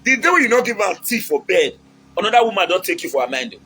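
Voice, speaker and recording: A man's voice: sits high, big pitch swings, fast talker, pushed and bright, breathy edge, poor audio. A man with a Nigerian accent giving casual, preachy relationship advice, mixing in Pidgin and acting out quotes.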